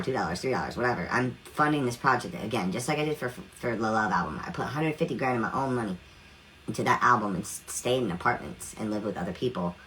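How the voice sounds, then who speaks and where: A man's voice: on the low side, a bit bright, slight background noise, rough recording. A man in his thirties, a singer, ranting on a livestream in a defiant, demanding way. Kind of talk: livestream rant.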